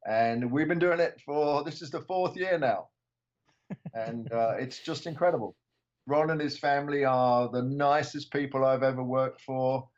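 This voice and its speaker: Older man from England as podcast guest, easygoing, hesitant, mid-pitched, slightly dull audio. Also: normal speed. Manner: relaxed, hesitant with many ums. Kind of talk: casual chat.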